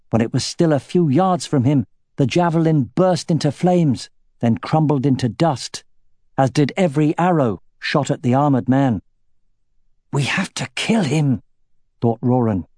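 A man narrating a fantasy audiobook in a measured, steady storytelling manner. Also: on the high side, no echo, clean studio sound.

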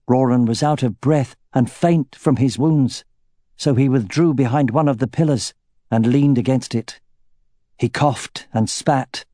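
A man reads a fantasy audiobook in a steady, measured storytelling style. His pitch is medium, and the recording is dry with clean studio sound.

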